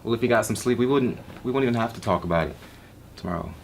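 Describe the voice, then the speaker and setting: A man's voice: medium pitch, rapid-fire, natural voice. A young acting student playing an exasperated young man who pleads with his moody girlfriend in a stage scene. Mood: coaxing. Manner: flustered, pleading, wry. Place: classroom stage. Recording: noisy room ambience.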